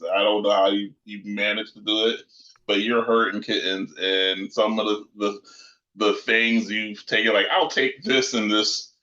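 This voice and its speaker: Brief: excitable man recapping a game session, bright and edgy tone, dull roomy audio. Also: fairly low pitch. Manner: rambling, laughs often, excitable. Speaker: player. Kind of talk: casual post-session recap.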